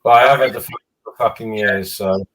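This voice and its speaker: A man's voice: fairly low pitch, fairly even intonation, brisk, a bit bright, poor audio. A man chatting casually as a guest over a video call, mostly giving short, laid-back agreeing replies. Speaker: guest on livestream. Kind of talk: casual chat.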